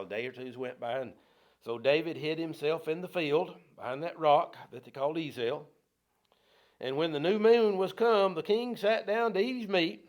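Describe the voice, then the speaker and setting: A man teaching a Bible study, reading verses aloud and retelling them in folksy plain talk. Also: on the high side. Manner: folksy, reads scripture then paraphrases in plain talk, rising loud on quotes. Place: church.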